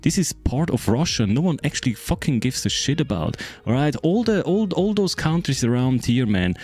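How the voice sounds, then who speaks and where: A man's voice: mid-range voice, big pitch swings, normal speed, darkish tone, husky. A German man whose first language is German, speaking with a German accent. He chats loosely to friends with lots of fillers, swearing, and repeated checks like "right?". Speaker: game streamer. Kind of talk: casual chat explaining a map to friends.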